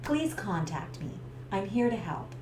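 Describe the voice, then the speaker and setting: A woman's voice: mid-range voice, unhurried. A middle-aged woman from Canada, a stress coach telling a personal story to camera and acting out the scenes. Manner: lively storyteller who acts out the scenes. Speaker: stress coach and business owner. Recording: roomy echo with faint background hiss.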